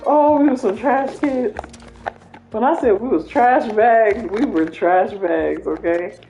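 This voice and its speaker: A woman's voice: on the high side, slow pace, dark tone. A woman DJ telling a funny family story in casual, slangy talk, laughing as she goes. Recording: roomy echo with faint music.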